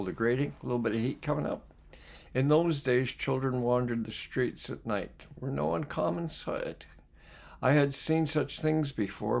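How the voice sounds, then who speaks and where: A man reading a book aloud as a life skills coach. He reads reflectively and pauses to put questions to his listeners. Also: medium pitch, vocal fry. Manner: reflective, poses questions to listeners between passages. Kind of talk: reading aloud with spoken asides.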